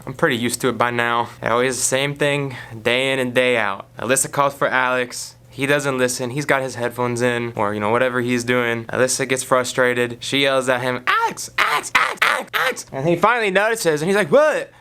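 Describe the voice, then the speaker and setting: A man's voice: mid-range voice, fairly quick, hardly any pauses, bright, forceful tone, clear, resonant tone. A man coworker in a mockumentary interview, resigned and matter-of-fact as he recounts a routine. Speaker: office coworker. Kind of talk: mockumentary talking-head interview.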